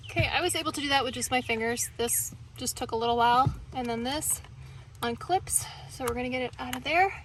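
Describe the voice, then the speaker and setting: A woman's voice: a little high, a little hiss or hum. A woman talking viewers through a repair in her pickup truck in a casual how-to vlog, chatty and emotional. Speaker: DIY vlogger.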